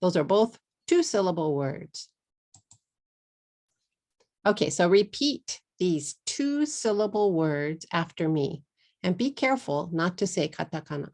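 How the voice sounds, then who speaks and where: Slow, gravelly Texan woman teaching English. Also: lowish voice, expressive, a little mellow. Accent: Texas. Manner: slow, drawn-out model words, repeated for learners. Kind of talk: pronunciation lesson.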